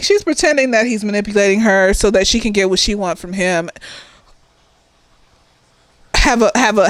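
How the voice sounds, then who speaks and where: A slightly tipsy woman therapist giving a blunt, profane and sassy casual review of a TV series, animated, with mocking asides. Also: medium pitch, no room sound.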